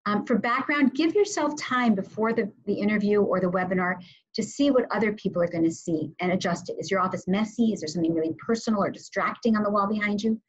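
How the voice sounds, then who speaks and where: A woman presenting a media training webinar with slides, speaking in a measured, instructive way with frequent ums. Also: medium pitch, husky, dull audio.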